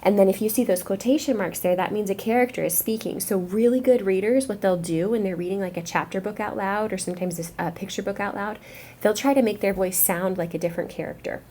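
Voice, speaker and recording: A woman teacher speaking to young students, explaining a reading lesson in a clear, encouraging classroom way. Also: mid-range voice, fast talker, mellow, slight background noise.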